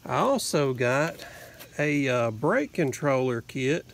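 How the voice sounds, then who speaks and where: A man's voice: medium pitch, sing-song, takes it slowly. A man with a Southern US accent telling a rambling, casual story in his vlog, with lots of fillers and "anyway.". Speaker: vlogger.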